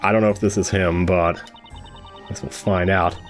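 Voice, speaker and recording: A man talks loosely and playfully over a video game, joking and reacting as he plays. His tone is relaxed commentary rather than performance. Soft game music sits faintly underneath. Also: low voice, a little slow. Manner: chatty, joking, reacts with laughs. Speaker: game streamer. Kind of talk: casual blind playthrough commentary.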